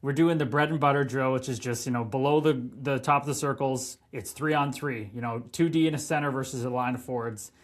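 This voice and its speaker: A man in his thirties, a hockey player telling stories on a podcast, animated, swearing and laughing as he goes. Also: mid-range voice, fairly quick, hardly any pauses. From Canada. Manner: animated, profane, laughing storyteller. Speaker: guest, pro hockey player. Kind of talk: casual podcast storytelling.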